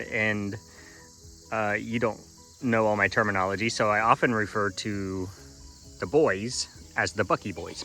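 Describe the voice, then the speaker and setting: A man's voice: lowish voice, sharp tone. A man vlogging from his farm, chatting casually to viewers and playfully talking to his goats in baby talk. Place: outdoors on a farm.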